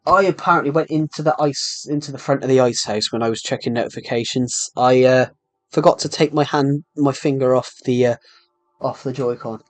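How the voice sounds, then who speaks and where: A young man rambles through a casual game stream, his throat a little sore. He talks at an ordinary middle pitch, restarting sentences and filling gaps with ums as he plays. Faint music sits underneath. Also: fairly even intonation, a little fast. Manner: rambling, chatty, with frequent restarts and fillers. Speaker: gaming streamer. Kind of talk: casual live-stream chat while playing.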